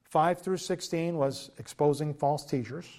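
A man preaching to his congregation, talking with an earnest, conversational warmth and stumbling into frequent restarts and fillers. His voice sits a little higher than most men's. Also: a little slow. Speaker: pastor. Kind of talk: sermon.

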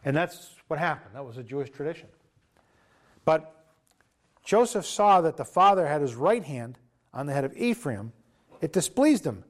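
A man preaching an informal sermon at an evening fellowship, retelling a story in a lively, conversational way. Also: fairly high pitch, moderate pace, long pauses. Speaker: pastor.

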